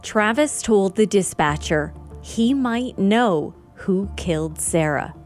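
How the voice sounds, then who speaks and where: Measured woman narrating true crime. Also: mid-range voice, expressive, darkish tone, faint music behind. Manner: measured and sober. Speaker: narrator and host.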